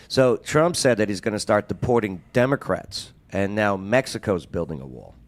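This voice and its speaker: Man, show host, joking banter, lively swinging pitch. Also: normal speed. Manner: animated, joking, plugs the show. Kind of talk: casual talk-show banter.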